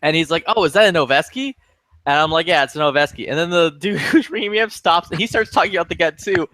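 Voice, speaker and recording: A fast-talking man with a voice on the high side launches into a lengthy, profane tale, performing the other people's lines himself. He's a regular in the lobby chat, and the audio has no room sound.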